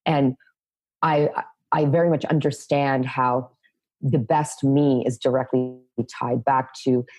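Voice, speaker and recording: A woman's voice: a bass voice, warm tone, dry recording, low-quality recording. A middle-aged woman as a podcast guest, speaking in an earnest, thoughtful way and often repeating words as she starts a thought. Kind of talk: reflective conversational interview.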